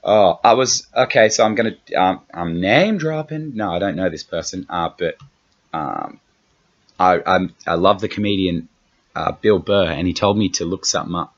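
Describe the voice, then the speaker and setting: Low-voiced Australian man, rambling comic host. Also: animated, normal speed. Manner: rambling, profane, self-mocking. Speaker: comedian podcast host. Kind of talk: casual comedic chat. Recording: dull lo-fi podcast audio.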